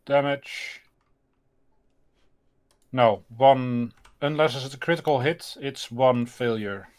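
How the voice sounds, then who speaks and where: Terse male player, slow and murmured. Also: mid-range voice, a little mellow, clear, resonant tone.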